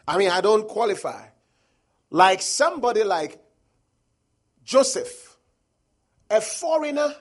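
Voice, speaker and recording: Lively husky male preacher. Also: sits high. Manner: emphatic, rising and falling, quotes scripture. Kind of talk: sermon.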